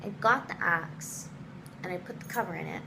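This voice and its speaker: A young woman telling a personal story in a casual storytime vlog, animated, with lots of swearing and acted-out quotes. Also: moderate pace, gravelly, noisy background. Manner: animated, swearing, quotes people in voices, dramatic pitch jumps.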